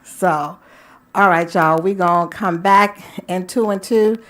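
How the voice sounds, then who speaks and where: A woman radio host talks in a loose, playful way about love and desire. Her voice sits on the low side for a woman. She slips into breathy, sultry asides and then bounces back into teasing chat. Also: steady tone, a little slow. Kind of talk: casual talk radio monologue.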